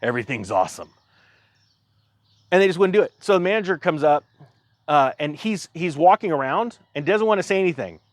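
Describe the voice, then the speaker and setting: A man's voice: high voice, a little fast, no room sound. Dry-sounding man telling a rambling story. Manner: rambling, exasperated retelling with acted-out dialogue. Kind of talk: casual storytelling monologue.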